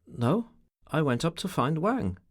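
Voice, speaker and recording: A man reading an audiobook, voicing a troubled, formal middle-aged gentleman in a raised, strained voice. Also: a little high, sing-song, a little slow.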